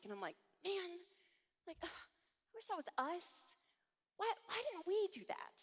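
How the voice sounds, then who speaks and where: A woman in her thirties giving an animated conference talk to a live audience, acting out voices as she tells stories. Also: sits high. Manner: animated, acts out quoted voices. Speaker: conference speaker. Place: large hall with audience. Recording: long hall reverb.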